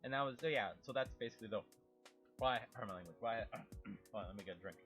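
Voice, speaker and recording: A young man talking casually about a video game, animated, swearing freely and imitating game sounds. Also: lowish voice, fast talker, faint music behind. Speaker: gaming YouTuber. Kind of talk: casual rambling monologue.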